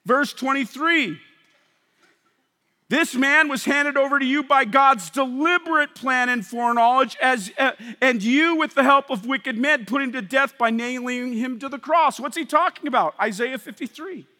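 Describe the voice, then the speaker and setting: A man preaching a sermon, swinging from loud emphatic passages to hushed, intense ones. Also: very high voice, lively intonation, moderate pace, in a large hall. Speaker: pastor.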